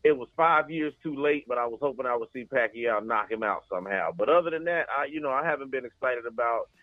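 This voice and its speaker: A man's voice: mid-range voice, quick pace, no room sound. A man co-hosting a podcast, rambling through casual sports chat with restarts and fillers. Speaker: podcast co-host. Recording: tinny phone-like line.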